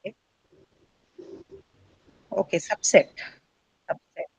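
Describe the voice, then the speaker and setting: A woman's voice: takes it slowly, darkish tone, rough recording. A middle-aged woman teacher lecturing a class, explaining step by step and quizzing her students as she goes.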